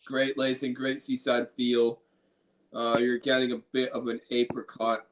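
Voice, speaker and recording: A man's voice: medium pitch, level tone, unhurried, noisy background. A man from Illinois hosting a casual beer review, enthusiastic and profane, often repeating his phrases. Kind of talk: casual beer tasting chat.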